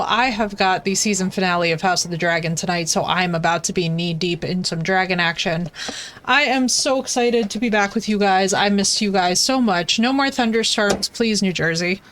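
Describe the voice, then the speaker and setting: An excitable young woman streamer chatting with her viewers, playful and quick to joke. Her voice sits at an ordinary middle pitch, with faint noise in the background. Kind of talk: casual live-stream chat.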